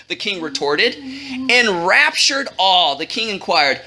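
A woman's voice: lowish voice, sing-song, measured pace, sharp tone. Playful woman telling a comic story. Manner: playful, jokey, teasing the audience. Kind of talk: comic storytelling to a children's audience.

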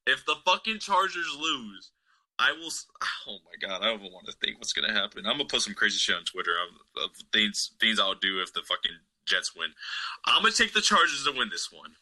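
A man co-hosting a casual sports chat, swearing freely as he rambles through his picks with excitable energy. His voice sits a little low but comes across with a sharp, forceful edge. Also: fast, low-quality recording. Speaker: podcast co-host.

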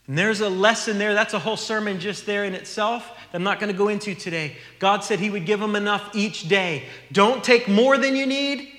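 A man with a bright, high-pitched voice preaches an earnest sermon, reading scripture and explaining it to his congregation. His voice rings through a roomy church hall with a long reverb. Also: fairly quick, few pauses. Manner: earnest, teaching, reads scripture aloud. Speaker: pastor.

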